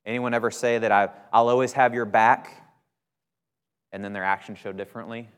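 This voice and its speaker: A man's voice: medium pitch, fairly even intonation, brisk, clear, resonant tone. A man who is a minister preaching a sermon in a chatty, conversational way, punching key words and often checking in with "right?". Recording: long hall reverb.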